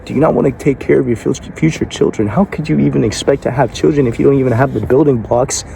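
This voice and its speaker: A man's voice: medium pitch, quick pace, creaky, dark tone, slight background noise. A man giving a motivational speech in a blunt, confrontational way, cursing and firing rhetorical questions at the listener. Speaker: motivational speaker.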